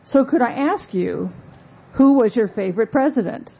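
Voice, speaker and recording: Woman doing a prying older president who keeps pressing, husky, dull lo-fi sound. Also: fairly high pitch, animated, normal speed, warm tone, exaggerated voice. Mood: probing. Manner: insistent questioning.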